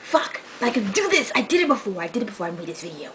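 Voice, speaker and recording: A young woman vlogging casually, telling a story in a rambling, excitable way with lots of fillers, swinging between loud outbursts and muttered asides. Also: a little high, a little fast, slight background noise, low-quality recording. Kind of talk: casual vlog chat.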